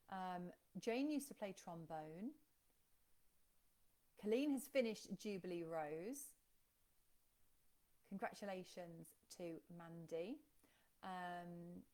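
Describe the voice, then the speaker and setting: A woman's voice: medium pitch, darkish tone. Chatty woman hosting a live stream. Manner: chatty, reads out viewer comments, many ums. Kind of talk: casual live stream chat.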